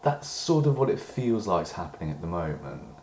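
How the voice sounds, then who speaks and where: Super deep voiced british guy rambling into the camera, lots of "you know" and restarts, echoey room. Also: sing-song, normal speed, a little mellow, slight background noise. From Britain. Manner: meandering, full of hedges and restarts, swears when worked up. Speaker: diary vlogger. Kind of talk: rambling personal monologue.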